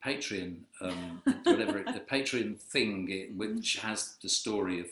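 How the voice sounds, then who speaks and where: A singer-songwriter chatting at home between songs, with rambling, whimsical deadpan humor. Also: male voice, fairly low pitch, a little slow, roomy sound. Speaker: singer-songwriter performing online. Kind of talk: casual banter between songs. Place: home during lockdown.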